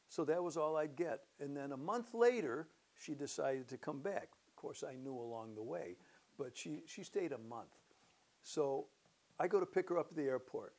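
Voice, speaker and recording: An older man who is a pastor, speaking to his church in a relaxed, conversational way and warming into animated storytelling as he gives his testimony. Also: a little high, normal speed. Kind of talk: church announcement and personal testimony.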